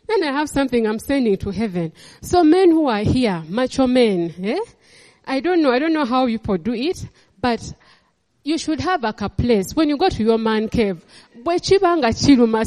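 Animated woman preaching in a hall. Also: fairly high pitch. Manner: animated, laughing, code-switching storyteller. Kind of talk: sermon.

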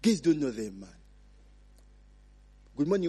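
Ugandan male preacher, slightly high and very expressive, draws answers from the congregation, reverberant church hall. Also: a little slow, husky. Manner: prompts the congregation to finish his sentences; mixes in Luganda phrases. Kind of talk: sermon with call-and-response questions. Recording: long reverb of a large hall.

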